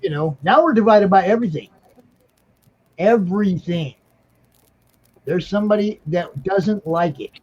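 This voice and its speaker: High husky man lecturing, dull lo-fi sound. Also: a little slow, pauses often, darkish tone. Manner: emphatic, lecturing, repeats "okay?". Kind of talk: casual chat.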